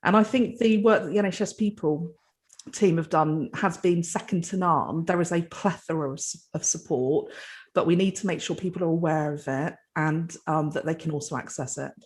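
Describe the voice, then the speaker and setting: On a panel, a British woman leading a health trust replies earnestly and fluently at a moderate pace in a low voice. She tends to begin her sentences again midway.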